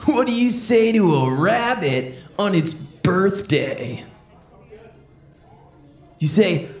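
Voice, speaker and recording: A woman voicing a laid-back young male surfer who tells jokes slowly for a children's stand-up podcast. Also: medium pitch, pitched below the performer's own voice. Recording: roomy echo.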